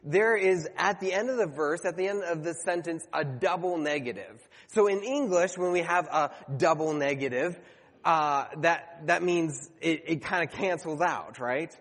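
A man's voice: fairly high pitch, moderate pace, fairly bright tone, in a large hall. A man preaching a sermon to his congregation, earnest and conversational, sometimes stumbling and correcting himself.

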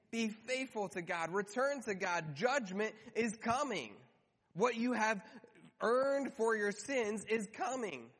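A man preaching a sermon in an animated, conversational way, slowing down to stress key words. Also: high voice. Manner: animated, conversational, slows for emphasis. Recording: hall reverb.

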